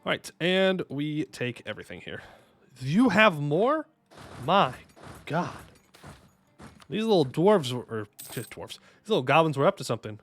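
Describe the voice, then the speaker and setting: A man streaming a strategy game, commenting casually and excitably, talking to himself and his chat with jokey asides. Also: a little high, moderate pace, no room sound. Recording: faint music behind the voice.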